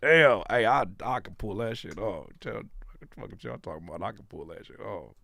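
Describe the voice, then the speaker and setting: A man with a hoarse voice, hosting a live stream where he reacts to submitted music in a loose, playful, slangy way. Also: on the low side, expressive, a little fast, fairly bright tone, no echo, clean studio sound. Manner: loose, playful, slangy, breaks into sung bits. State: hoarse, voice worn by allergies.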